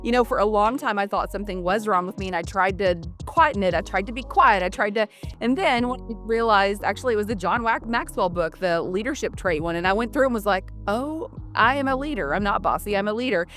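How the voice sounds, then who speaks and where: A woman's voice: mid-range voice, a little fast, a bit bright, faint music behind. A woman guest and parent in a casual interview, speaking in an earnest, reflective way and circling back to her points.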